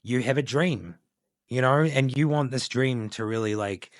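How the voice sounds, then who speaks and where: Here a tarot reader talks at normal speed in a medium-pitched voice, captured dry with studio quality. He muses casually and intuitively through a collective reading for his channel, drifting along with many filler words.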